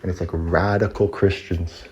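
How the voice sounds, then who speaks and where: Give me a man with a very low voice casually rambling through a personal story, slightly muffled. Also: level tone, moderate pace, darkish tone. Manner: rambling, slangy, laughs at his own story.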